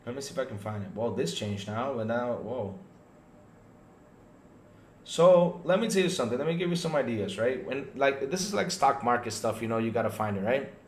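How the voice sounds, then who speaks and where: A man hosting a casual gaming podcast stream, animated and talking straight to his viewers, often checking in with "right?". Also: medium pitch, normal speed, reverberant, a little hiss or hum. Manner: animated, talks to chat viewers, lots of "right?" and restarts. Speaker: podcast host. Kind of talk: casual livestream podcast chat.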